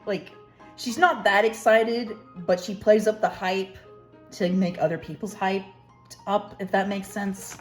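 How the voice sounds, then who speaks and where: A woman's voice: medium pitch, unhurried, soft background music. A young woman artist casually talking through her sketchbook pages, rambling and self-deprecating. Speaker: artist, channel host. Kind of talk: casual sketchbook tour narration.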